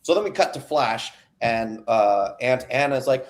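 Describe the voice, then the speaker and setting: A young man talks through a comic book issue for his podcast co-hosts. He rambles, fills gaps with "uh" and "like", and slips into quick voices for the characters. His voice sits in an ordinary middle pitch. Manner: rambling, filler-heavy, acts out character lines. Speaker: podcast co-host. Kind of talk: casual comic book recap.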